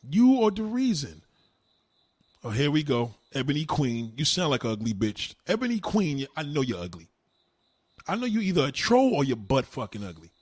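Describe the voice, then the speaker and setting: A man ranting on a livestream, answering his chat in a loud, combative, mocking way. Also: medium pitch, very animated, a little fast, husky, no echo. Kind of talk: live-stream rant.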